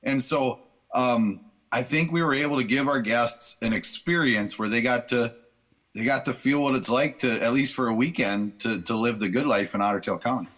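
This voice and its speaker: An earnest, upbeat man, speaking as a radio guest. His voice is bright and forward, and he restarts his sentences as he talks. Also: mid-range voice, normal speed. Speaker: event chair guest. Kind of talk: casual radio chat.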